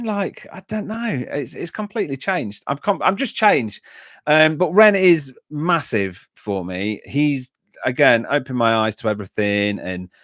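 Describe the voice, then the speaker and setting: A man from England, his mid-range voice a bit bright, hosts a music reaction livestream where he casually rambles and answers comments from viewers, full of fillers and restarts. The recording is dry and studio quality.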